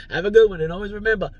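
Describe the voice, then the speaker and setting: A man's voice: sits high, no room sound, dull audio. A man giving rambling, preachy life advice in a casual vlog, recorded in his parked car, chuckling now and then. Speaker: vlogger, driver.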